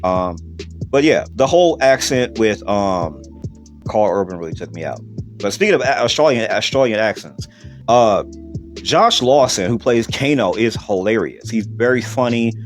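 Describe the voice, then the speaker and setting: Profane ranting man, low voice. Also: expressive, normal speed, soft background music. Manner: blunt, profane, rambling with fillers and repeats. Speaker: podcast host. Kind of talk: casual movie review rant.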